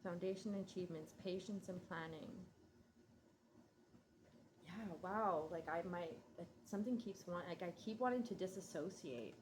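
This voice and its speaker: A woman's voice: fairly low pitch, darkish tone, slight background noise. A woman giving a casual tarot reading, musing and hesitant, drowsy and yawning. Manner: slow, musing, hesitant with many ums and likes. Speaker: tarot reader.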